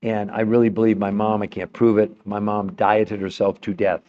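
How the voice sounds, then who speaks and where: A man's voice: lowish voice, little pitch movement, normal speed, slight background noise. A man hosting a podcast, talking to his viewers in an emphatic, insistent way, often repeating his words, and straining his voice. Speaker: podcast host. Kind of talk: impassioned livestream talk to viewers. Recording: dull lo-fi sound.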